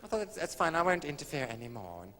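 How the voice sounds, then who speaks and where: A man's voice: fairly high pitch, sing-song, fast talker, fairly bright tone. Camp man telling stage stories. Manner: arch, camp, drily innuendo-laden. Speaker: stand-up comedian. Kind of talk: camp stand-up storytelling. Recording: echoey old live stage recording with faint hiss.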